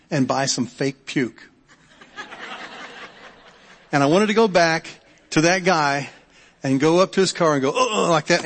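A middle-aged male pastor preaching a sermon in a conversational way, often repeating words and checking in with the congregation. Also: on the high side. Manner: conversational, repeats words and restarts, asks the audience. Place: church sanctuary. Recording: long hall reverb.

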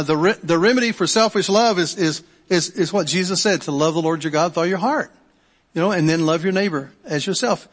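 A middle-aged male pastor preaching a sermon in a conversational way, often repeating words and checking in with the congregation. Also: fairly high pitch. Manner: conversational, repeats words and restarts, asks the audience. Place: church sanctuary. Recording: long hall reverb.

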